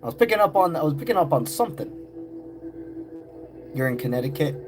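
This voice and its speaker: A man's voice: a little high, sing-song, fast. Man greeting viewers over background music. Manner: greets chat viewers by name in a loose, friendly slang. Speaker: live-stream tarot reader. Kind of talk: casual live-stream chat.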